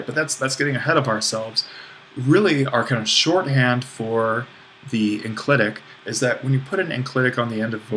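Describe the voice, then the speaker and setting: A man's voice: medium pitch, fairly bright tone, a little hiss or hum. A man teaching a recorded online lesson on Greek accents, explaining step by step in an easygoing way, with fillers and self-deprecating asides. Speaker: Greek language instructor.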